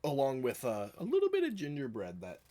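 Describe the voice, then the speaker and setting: A man running a tabletop game as dungeon master, relaxed and laughing often between his descriptions. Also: mid-range voice, brisk.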